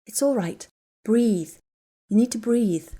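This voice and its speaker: A woman's voice: on the high side, takes it slowly, dark tone, husky. A woman reading a story aloud and voicing a worried young woman who urgently comforts a friend. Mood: soothing. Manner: urgent, then soothing and firm. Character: young woman, anxious but steadying her friend.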